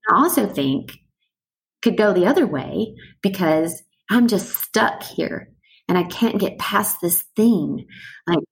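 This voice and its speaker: A middle-aged woman talking thoughtfully in a relaxed conversation, slowing down and showing how breathing works. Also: on the low side, creaky, low-quality recording. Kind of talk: reflective conversational chat.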